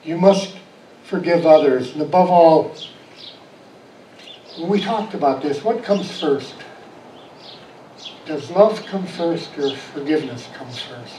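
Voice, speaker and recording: A man's voice: fairly high pitch, takes it slowly, pauses often, slight background noise. Man preaching in an echoey church. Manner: animated storytelling, quieting to a soft reflective tone. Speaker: pastor. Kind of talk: storytelling sermon. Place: church sanctuary. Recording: echoey church room, voice from far off.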